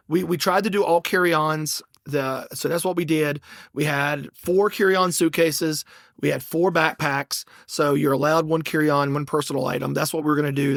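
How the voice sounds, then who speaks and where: A middle-aged man hosting a podcast, telling a story in a casual, animated and exasperated way, with lots of restarts. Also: fairly high pitch, creaky, dry recording, studio quality. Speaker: podcast host.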